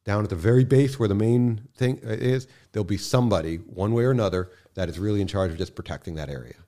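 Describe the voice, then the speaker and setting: A man speaking as a podcast guest in casual conversation, impassioned, swearing freely and swinging from quiet to loud bursts. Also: on the low side, fast talker.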